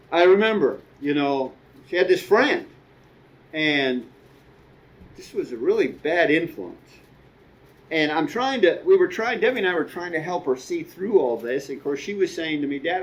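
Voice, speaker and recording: A man's voice: on the high side, poor audio. A middle-aged man preaching a sermon as a guest speaker, conversational, with asides and quoted dialogue.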